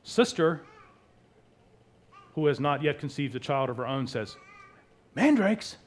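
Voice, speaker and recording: A man's voice: mid-range voice, unhurried. Male pastor, sermon delivery; emphatic, dynamic swings in volume. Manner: emphatic, with wide swings in loudness.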